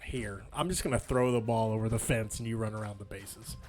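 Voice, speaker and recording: A young man co-hosting a casual movie podcast, playful and quick to laugh. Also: on the low side. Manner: playful, laughs often, does loud movie-quote impressions. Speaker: podcast co-host.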